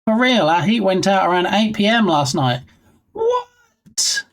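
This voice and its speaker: A man's voice: high voice, lively intonation, normal speed. Rambling man chatting on a live stream. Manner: rambling, reads chat aloud, dry self-mocking asides. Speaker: game dev streamer. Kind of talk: casual live-stream chat.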